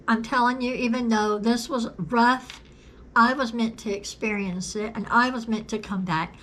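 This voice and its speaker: A woman telling her own story to her viewers in an earnest, deliberate way, repeating phrases for emphasis and coughing now and then. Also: a little high, steady tone, fairly bright tone. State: coughing at times. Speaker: video creator sharing a personal story. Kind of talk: personal testimony to camera.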